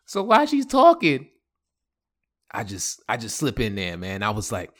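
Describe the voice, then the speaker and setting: A man's voice: fairly low pitch, huge pitch swings, moderate pace, fairly bright tone. A young man hosting a podcast, telling a personal story in heavy slang, laughing often. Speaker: podcast host. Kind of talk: casual storytelling.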